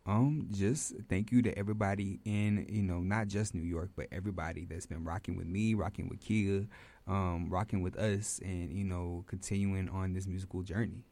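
A man's voice: deep voice, fairly even intonation, normal speed, warm tone. A man, a musician guest on a radio show, thanking his supporters in an easygoing way. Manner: grateful, easygoing. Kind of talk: casual radio interview. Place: radio studio.

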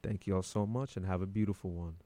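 A man's voice: low-pitched, fairly even intonation, fast, dark tone, no room sound. Dry-voiced male radio host. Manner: playful, joking. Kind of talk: radio show hosting. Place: radio studio.

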